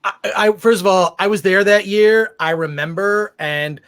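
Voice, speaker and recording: A man's voice: sits high, fairly even intonation, moderate pace, fairly bright tone. A man hosting a podcast, chatting in a rambling way full of fillers. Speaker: podcast host. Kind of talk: casual podcast chat.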